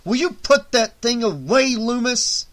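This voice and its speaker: A man voicing a skeptical small-town sheriff who talks loudly, brusquely and with scorn in an audiobook reading. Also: very high voice, expressive, unhurried, voice pushed up, full character voice. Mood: scornful. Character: gruff small-town male sheriff, skeptical and short-tempered.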